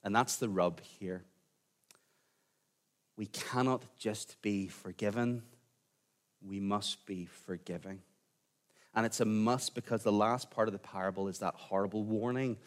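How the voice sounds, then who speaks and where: A man preaching a sermon in a conversational way, sometimes dropping to a quiet, intense tone. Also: on the low side, steady tone, unhurried, long pauses. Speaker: pastor.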